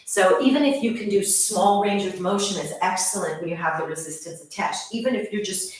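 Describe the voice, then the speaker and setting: A woman's voice: mid-range voice, a little fast. A young woman fitness instructor who talks to her viewers in an enthusiastic, chatty way. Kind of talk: casual channel introduction. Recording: very echoey room, voice far from mic.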